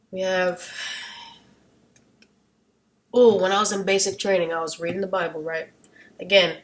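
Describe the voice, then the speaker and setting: A woman vlogger talking casually, wandering off into side rants, losing her train of thought, and getting loud at times. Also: mid-range voice. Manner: animated, gets loud at times. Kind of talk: casual rambling monologue.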